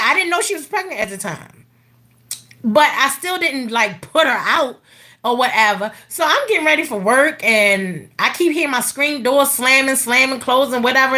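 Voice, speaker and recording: A middle-aged woman telling a personal story in a blunt, profane, animated casual rant. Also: sits high.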